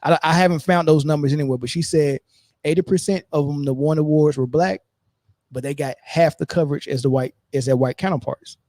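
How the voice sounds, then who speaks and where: A man hosts a sports talk show with casual, emphatic commentary. He repeats himself and keeps checking in with "right?", in a mellow, fairly high voice recorded close and dry. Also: fairly quick, no echo. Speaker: sports podcast host.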